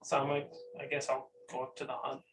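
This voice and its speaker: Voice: mid-range voice, completely flat delivery, brisk, roomy sound. A tabletop game player making blunt, joking asides. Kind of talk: casual tabletop game chat. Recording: distant with loud noise.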